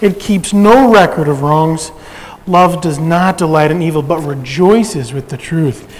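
High-voiced pastor preaching in a hall. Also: male voice, measured pace. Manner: conversational preaching with light humor. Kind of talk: sermon.

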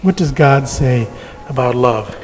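A man's voice: medium pitch, animated, measured pace, a little mellow, big-room sound, slight background noise, rough recording. A man preaching a sermon as pastor, talking in a conversational way with light humor.

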